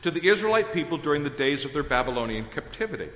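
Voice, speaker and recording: A man preaching a sermon in a measured, earnest way, reading scripture aloud with emphasis. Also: fairly high pitch, very animated, fairly bright tone, slight background noise. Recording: echoey hall with long reverb.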